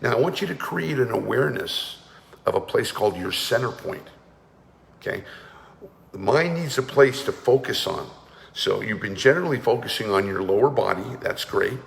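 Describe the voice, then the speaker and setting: A man's voice: lowish voice, animated, moderate pace, vocal fry, long reverb tail. A man leading a guided energy and breathing class, talking firmly and urging listeners to join in. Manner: commanding, urges listeners to participate. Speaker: energy awareness coach.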